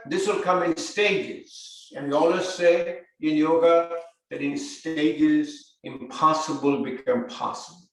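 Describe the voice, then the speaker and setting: An older man teaching yoga therapy, giving calm guided instruction and repeating breathing cues. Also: on the high side. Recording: very echoey room, mic far off.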